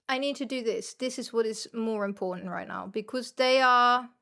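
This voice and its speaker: A woman's voice: fairly high pitch, unhurried, vocal fry, sharp tone. A young woman from the Netherlands, chatting and swearing casually to viewers while commentating her gameplay. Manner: chatty, swears freely, self-deprecating, rambles to viewers. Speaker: streamer.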